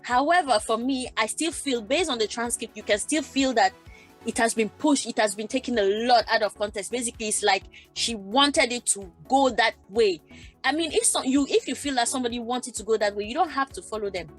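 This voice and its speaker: A woman from Germany speaking on a discussion panel, her voice sitting on the higher side. She talks in an animated, conversational way, often repeating and restarting her words. Soft music plays faintly behind her. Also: brisk. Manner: animated, acts out quoted exchanges, repeats herself.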